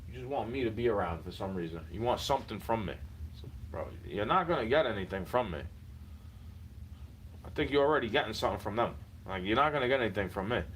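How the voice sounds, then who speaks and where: A man's voice: fairly low pitch, fairly bright tone, slight background noise, rough recording. A man venting in a heated, repetitive personal rant, speaking straight at someone he is fed up with and swearing often. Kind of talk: frustrated personal rant to camera.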